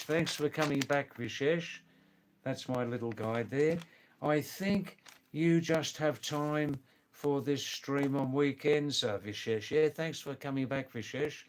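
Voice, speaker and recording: A man's voice: medium pitch, slight background noise. Chatty man hosting a live stream. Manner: greets viewers by name, repeats exclamations. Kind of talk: casual live-stream chat with viewers. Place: seated indoors.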